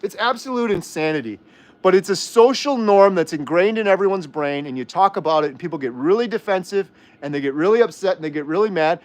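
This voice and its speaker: High-voiced man ranting heatedly. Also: expressive, quick pace. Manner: heated, argumentative, rhetorical questions. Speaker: host. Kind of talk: livestream chat and rant.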